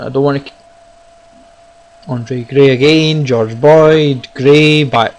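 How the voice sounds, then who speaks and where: A man giving casual, excitable commentary on his own football video game, talking to viewers as guys and lads. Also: medium pitch, slow pace, low-quality recording. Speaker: gaming YouTuber. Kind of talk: casual live gameplay commentary.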